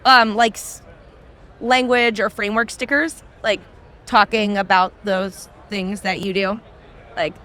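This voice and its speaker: A woman with a bright, crisp voice co-hosts a live podcast at a conference. She chats loosely and fills her sentences with likes and ums. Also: mid-range voice, steady tone, unhurried. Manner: chatty, lots of likes and ums. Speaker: podcast co-host. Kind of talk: casual live chat. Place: conference hall floor.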